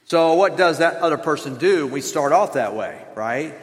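A pastor preaching a sermon in an earnest, conversational way, acting out examples. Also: male voice, on the high side, lively intonation, moderate pace, in a large hall.

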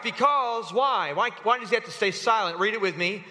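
A man preaching a lively sermon, calling his congregation to read scripture aloud with him. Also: high-pitched, a little fast, hardly any pauses. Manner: animated, calls the congregation to read along. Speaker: pastor. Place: church sanctuary. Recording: hall reverb.

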